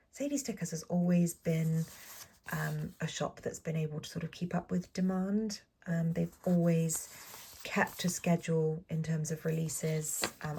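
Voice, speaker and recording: A young Englishwoman chatting through a planner sticker haul, gushing and saying um a lot, often dropping to a soft whisper. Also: fairly low pitch, gravelly, slight background noise. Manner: chatty, gushing, frequent ums and apologies. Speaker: planner vlogger. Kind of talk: casual sticker haul voice-over.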